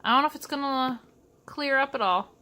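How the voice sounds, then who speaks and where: A woman's voice: sits high, brisk, bright, forceful tone. A young woman from Michigan chatting casually through a cooking vlog in her home kitchen, with sassy asides. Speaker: vlogger.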